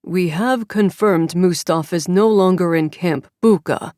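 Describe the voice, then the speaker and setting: A flat, commanding kidnapper with no emotion in his voice, as a woman narrator puts him on. The tone sits low, and the dry studio sound keeps every word close. This is audiobook character reading. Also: normal speed, no echo, close to an everyday voice. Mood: demanding. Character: cold male kidnapper behind a mechanical voice.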